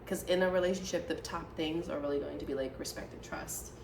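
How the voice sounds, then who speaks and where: A young woman with a lowish voice talks through relationship questions in a loose, chatty way, opinionated and quick to laugh. She sits back from the mic, so her voice carries a roomy echo with faint room noise behind it. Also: steady tone, creaky, far from the mic. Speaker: podcast co-host. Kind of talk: casual chat.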